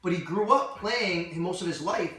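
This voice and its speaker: Brief: excitable man spinning a sports story, bright tone, echoey room and distant mic. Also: sits high, moderate pace. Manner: animated storyteller, lots of "like". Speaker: sports reporter guest. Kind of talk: casual podcast chat.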